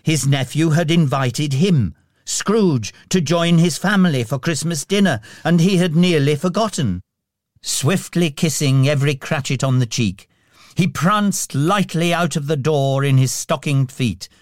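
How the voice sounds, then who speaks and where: A man narrating a storybook in a measured, expressive way. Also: a little high, dry recording, studio quality. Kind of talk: storybook reading.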